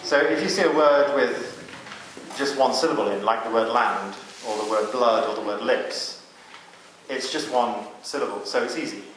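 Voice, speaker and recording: A man's voice: mid-range voice, moderate pace, a bit bright, slight background noise. A man leading a psalm chanting workshop, explaining each step to the group and singing example lines. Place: cathedral. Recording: very echoey cathedral with music.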